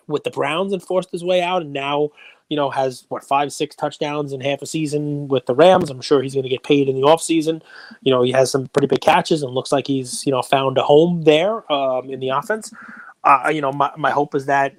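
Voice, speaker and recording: A man co-hosting a sports card podcast in casual, animated chat that rambles on in long runs. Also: mid-range voice, no echo. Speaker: podcast co-host.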